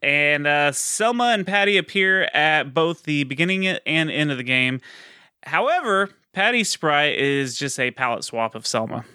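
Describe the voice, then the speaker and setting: A man's voice: fairly high pitch, lively intonation, measured pace, bright, forceful tone, clean tone, dry recording, studio quality. A man co-hosting a casual podcast, rambling and swearing with lots of fillers. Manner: rambling, profane, with frequent fillers and laughs. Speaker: podcast co-host.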